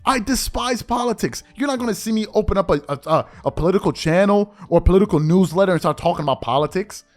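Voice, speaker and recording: A man's voice: high-pitched, lively intonation, fast, a little mellow, soft background music. A man hosting a sports show, delivering an exasperated opinion monologue full of rhetorical questions.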